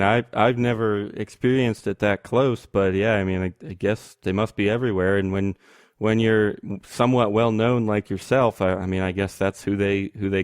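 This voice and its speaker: A man's voice: lowish voice, clean tone, no echo, studio quality. A man hosting a podcast in casual chat, laughing often and restarting his sentences. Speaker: podcast host.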